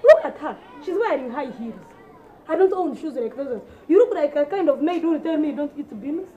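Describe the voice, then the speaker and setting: Sarcastic high-voiced Ugandan woman scolding. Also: expressive, fairly quick, dark tone, muffled recording. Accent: Ugandan English. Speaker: comedian. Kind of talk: comedy sketch acting.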